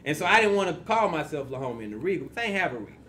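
Animated man telling stories. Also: a little high, racing, a crowd in the background. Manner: animated, acts out quoted people. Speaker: podcast guest, radio personality. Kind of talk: casual storytelling.

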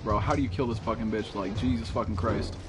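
A man streaming a horror game, panicking, yelling and swearing heavily as he plays. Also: lowish voice, steady tone, quick pace. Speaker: gamer streamer. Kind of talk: horror game live commentary. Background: game music and sound effects.

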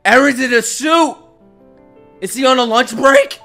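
A young man commenting on an anime episode as he watches it, often shouting, laughing and swearing. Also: very high voice, measured pace, soft background music. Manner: loud excited outbursts and laughter, swearing. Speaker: anime reaction YouTuber. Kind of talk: excited reaction commentary.

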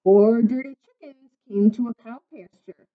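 A woman reading a children's picture book aloud in an expressive, singsong storytelling manner. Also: fairly high pitch, normal speed. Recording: slightly muffled lo-fi recording.

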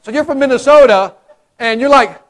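A man giving a lively sales training talk to a live audience, acting out customer voices and joking with the crowd. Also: very high voice, brisk. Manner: animated, acts out customer voices, jokes with the crowd. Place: conference hall.

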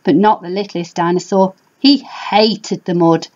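A woman reading a picture book aloud for primary school children, animated and drawing out key words. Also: fairly low pitch. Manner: animated, drawn-out emphasis. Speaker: storybook reader for a primary school. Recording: dull lo-fi home recording.

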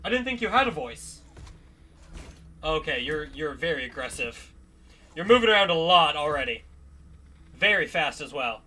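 A man's voice: fairly high pitch, sing-song, normal speed, long pauses, bright, forceful tone. A young man giving jumpy, exclamatory commentary over a horror game, often talking straight to the monsters. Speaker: gaming YouTuber. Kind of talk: live gameplay commentary.

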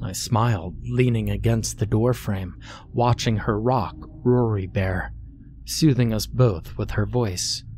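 A man reading a horror story aloud in measured, scripted narration. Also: on the low side, dark tone, slight background noise.

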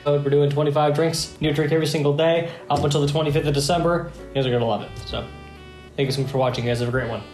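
A man's voice: on the high side, steady tone, racing, darkish tone. A man from Michigan, a former bartender, hosting a casual cocktail review vlog in a chatty, self-mocking way with lots of fillers. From Michigan, USA. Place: home bar. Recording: echoey room with faint guitar music.

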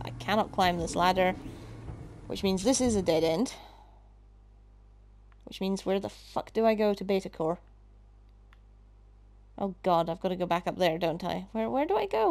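A woman's voice: lowish voice, fairly even intonation, a little slow, long pauses, a little mellow. A woman commenting on a horror video game as she plays, muttering plans to herself and swearing in panic. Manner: jittery, swearing, panicky under pressure. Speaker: let's play gamer. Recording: game music behind voice.

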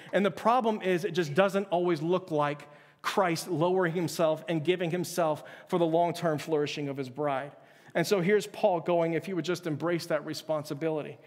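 A man preaching a sermon as pastor. He speaks earnestly and repeats his key questions for emphasis. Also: high-pitched. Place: church sanctuary. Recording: live church stream with long hall reverb.

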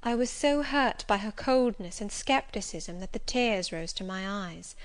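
A woman narrating a classic novel as an audiobook, measured and unhurried. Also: mid-range voice, lively intonation. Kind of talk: scripted narration.

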